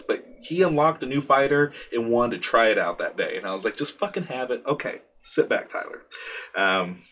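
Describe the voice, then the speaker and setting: A man's voice: medium pitch, fairly bright tone. A young man hosting a podcast, telling a rambling, candid story in a casual monologue and swearing freely. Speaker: podcast host.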